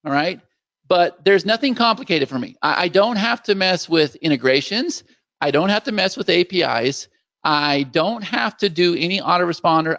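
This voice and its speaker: A man hosting a live screen-share software demo, upbeat and salesy, talking straight to viewers as "guys" and acting out how clients would react. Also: a little high, creaky, no room sound, lo-fi sound. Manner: acts out clients' reactions in quoted voices.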